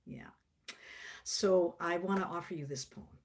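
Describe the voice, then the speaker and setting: A middle-aged woman song leader on a video call, reading a poem and teaching a song in a slow, gentle, reflective way. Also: fairly low pitch, slightly rough.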